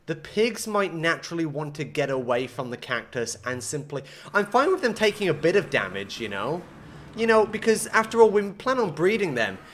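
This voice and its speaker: A man's voice: fairly high pitch, a bit bright, a little hiss or hum. A man streaming a game live, talking to himself and his chat in an exasperated way as his builds fail. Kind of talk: live-streamed gameplay commentary.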